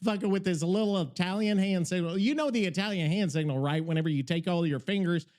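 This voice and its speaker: A man's voice: high-pitched, quick pace, darkish tone. A man hosting a podcast in casual chat, rambling, profane and easily worked up. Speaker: podcast host.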